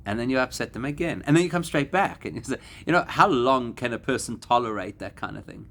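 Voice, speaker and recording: A man, a rabbi, giving a Torah class to a live audience, animated and climbing to emphatic peaks. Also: medium pitch, quick pace, vocal fry. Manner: animated, rising to emphatic peaks and acting out quoted voices.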